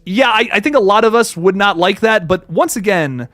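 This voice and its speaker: Animated young man hosting a livestream. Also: high voice, no echo. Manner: animated, swearing, quick asides and self-corrections. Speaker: livestream host. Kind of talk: casual livestream chat reading viewer comments.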